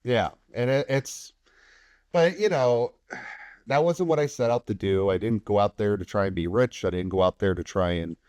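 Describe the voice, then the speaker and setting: A man guesting on a podcast who tells stories in a relaxed, animated way, acts out what other people said, and swears casually. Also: fairly low pitch, no echo. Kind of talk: casual anecdotal storytelling.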